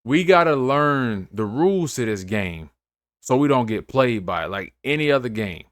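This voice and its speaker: A man's voice: medium pitch, animated, normal speed, no echo, studio quality. A man hosting a finance channel, giving casual, emphatic advice to camera in a slangy way, often checking in with "you feel me". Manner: slangy, repeats phrases, asks "you feel me"; emphatic, preachy.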